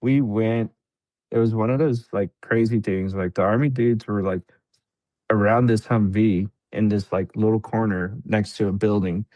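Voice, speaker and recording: Man, low voice, casual war storytelling, acts out quotes, dry close mic. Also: steady tone, normal speed, dark tone, dry recording. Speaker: podcast guest, veteran.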